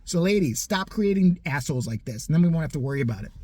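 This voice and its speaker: Husky, profane man in his forties ranting. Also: on the high side, lively intonation, fast, a little mellow. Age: 40s. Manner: profane, mocking, heated. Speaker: comedic ranter. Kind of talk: profane comedic rant.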